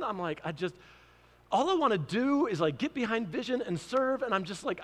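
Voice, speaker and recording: High-voiced man preaching in a big hall. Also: sing-song, fairly quick. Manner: storytelling preacher, acting out his own prayers. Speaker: pastor. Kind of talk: sermon.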